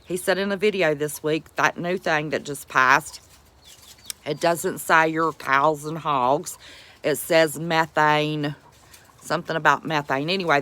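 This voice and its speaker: Chatting casually on a homestead live stream, a West Virginia woman speaks in an Appalachian accent with a low, fairly bright voice. Her manner is folksy, and she greets viewers as sweetheart and buddy.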